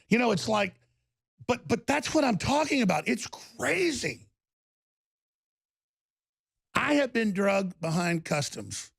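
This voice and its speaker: A man with a deeply gravelly, husky voice rants through a talk-show monologue. His pitch swings widely as he talks, and he keeps erupting into angry shouts. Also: sing-song, moderate pace, no room sound, clean studio sound. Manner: impassioned, bursts into angry shouting. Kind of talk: ranting monologue.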